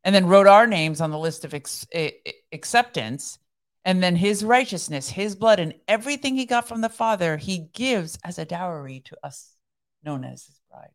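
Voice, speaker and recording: A woman's voice: on the low side, lively intonation, normal speed. A woman co-hosting a devotional podcast, talking earnestly in a casual chat and reading scripture aloud with emphasis. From Iran. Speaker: podcast co-host.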